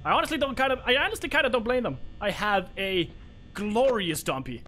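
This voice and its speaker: A man's voice: high voice, lively intonation, fairly quick, sharp tone, a little hiss or hum. A young man streaming a horror game live, swearing freely and bantering with his chat. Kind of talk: live gameplay commentary.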